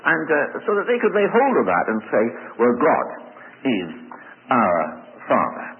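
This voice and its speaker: A man preaching an expository sermon, emphatic and animated, often stumbling over repeated words. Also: medium pitch, measured pace. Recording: tinny phone-like sound in a reverberant hall.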